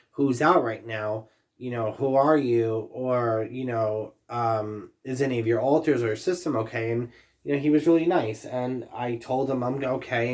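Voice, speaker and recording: A man talking casually to camera as a vlogger, rambling and filling his speech with "um" and "you know". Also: mid-range voice. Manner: rambling, full of fillers and asides.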